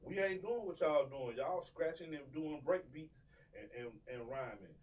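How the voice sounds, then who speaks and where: Man, casual chat, halting, fairly high voice, distant muffled recording. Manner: halting, restarts his phrases. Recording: dull lo-fi audio from off mic.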